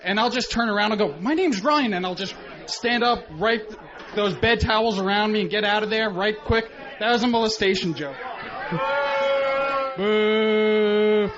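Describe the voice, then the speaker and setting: Awkward, high-voiced amateur stand-up comic. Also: male voice, brisk, a bit bright. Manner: self-deprecating, awkward. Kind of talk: stand-up set. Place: comedy club stage. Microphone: handheld stage mic. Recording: muffled radio broadcast, live crowd.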